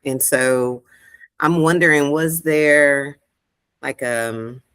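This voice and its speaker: A woman hosting a podcast interview, asking slow, searching questions and affirming her guest often. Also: low-pitched, a bit bright, smooth. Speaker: podcast host. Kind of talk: gentle interview conversation.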